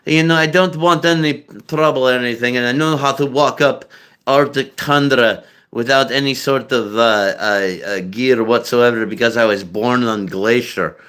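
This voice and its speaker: A man's voice: medium pitch, moderate pace, a bit bright, clean tone, close to an everyday voice. A man voicing a boastful, rugged man from the Balkans in a heavy put-on foreign accent.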